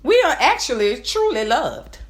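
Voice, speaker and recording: High-pitched with big swings in pitch and a normal speed, this is a nasal-accented vlogger from New Orleans, USA, in her forties. She rambles casually to her audience, keeps saying "you understand?", and alternates between loud and quiet.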